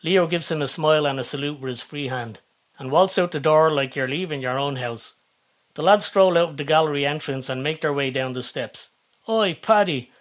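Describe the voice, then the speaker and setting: A man's voice: on the high side, a little fast. Man reading a story. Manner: steady, even-toned reading. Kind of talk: scripted story narration.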